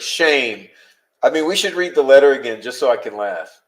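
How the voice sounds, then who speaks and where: A man's voice: mid-range voice, expressive, normal speed. A man hosting a live-stream, talking bluntly and heatedly to his chat, swearing often as he vents. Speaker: podcast host.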